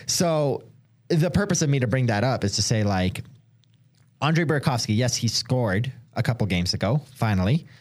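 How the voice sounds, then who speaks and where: A man's voice: mid-range voice, lively intonation, normal speed. A young man co-hosting a podcast, chatting casually and rambling with lots of filler words. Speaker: sports podcast co-host; hockey reporter. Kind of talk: casual chat.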